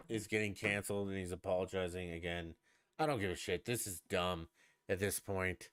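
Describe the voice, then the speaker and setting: A man's voice: low-pitched, clean tone, dry recording, studio quality. A man hosting a live-streamed podcast, ranting in a profane, sarcastic and exasperated way. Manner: scoffing, exasperated. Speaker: podcast host.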